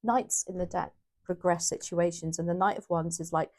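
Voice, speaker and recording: Woman tarot reader, casual and chatty, low register with gravel in it. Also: steady tone, fairly quick, darkish tone. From United Kingdom. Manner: chatty, self-correcting, thinking aloud. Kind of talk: casual tarot reading to camera.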